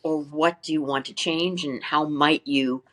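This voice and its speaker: A woman's voice: deep voice, unhurried. Older woman teacher full of rhetorical questions. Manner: animated, asks many rhetorical questions, sings demonstration syllables. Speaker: flute teacher, podcast guest. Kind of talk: interview, explaining practice methods.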